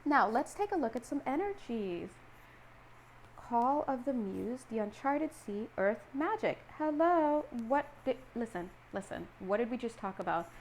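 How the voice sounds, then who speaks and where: A woman giving a casual tarot reading, animated and playful, acting out little scenes and laughing often. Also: fairly high pitch, normal speed, a little hiss or hum. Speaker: tarot reader.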